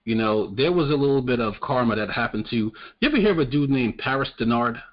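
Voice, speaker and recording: A podcast co-host in a casual political chat speaks at an ordinary pitch, expressively and fast. He's blunt and unfiltered, cursing freely and tripping over repeated words as he restarts. The lo-fi recording is slightly dull and muffled.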